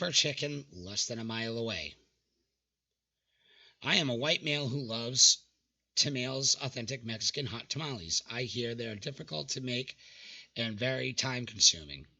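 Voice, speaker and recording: With a mid-range voice that is bright and forceful, marked by vocal fry, a young man speaks in an animated way at a moderate pace. He's a channel host giving casual reaction commentary on dating app screenshots, exasperatedly mocking the messages and swearing freely.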